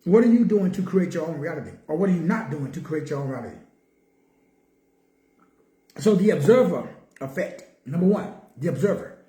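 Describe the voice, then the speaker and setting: A man's voice: sits high, dark tone. A man giving a spiritual teaching talk, driving points home with repeated questions and emphatic answers. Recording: roomy echo.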